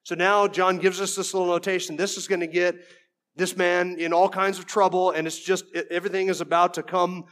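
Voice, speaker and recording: A man's voice: high voice, level tone, a little fast, fairly bright tone. A man preaching an expository sermon verse by verse, conversational, with folksy asides and frequent restarts.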